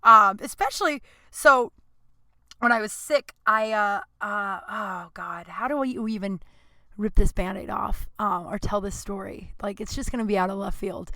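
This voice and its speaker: Alone on her podcast, a thirty-something woman rambles through casual stories with lots of fillers and knowing laughs, recording in a little closet at home. She has a medium-pitched voice that sounds pushed and bright, talks at normal speed, and the recording has no room sound.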